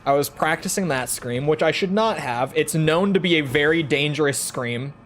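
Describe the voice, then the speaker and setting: A man's voice: a little high, normal speed, fairly bright tone, faint music behind. A young man in his twenties chatting casually on a gaming stream, talking from the throat to project his voice.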